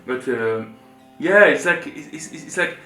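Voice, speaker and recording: A man's voice: mid-range voice, measured pace. Man telling a story. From France. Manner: rambling, filler-heavy, animated. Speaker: co-host. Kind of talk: casual storytelling chat. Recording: roomy room with faint guitar music.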